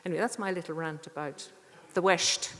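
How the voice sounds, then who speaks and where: A middle-aged woman reading poetry in a measured, deliberate way, with rambling, chatty introductions between poems. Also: on the low side, steady tone, a bit bright. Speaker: poet reading at a tribute evening. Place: church. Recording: long church reverb.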